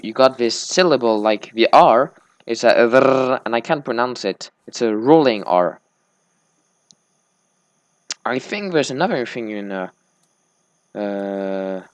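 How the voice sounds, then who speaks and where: A drowsy man chats his way through a gameplay session, his words a little slurred as he drifts into small talk. His voice sits at an ordinary middle pitch, and the sound is close and dry. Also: no echo. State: sleepy. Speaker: gaming let's-play host. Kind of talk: casual gameplay commentary.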